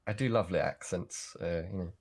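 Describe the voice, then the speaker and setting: A man's voice: deep voice, fairly quick, a little mellow. A man from near Leeds with a Northern English accent, chatting as a guest with dry, hesitant humor. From England, near Leeds. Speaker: guest on a livestream. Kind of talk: casual chat.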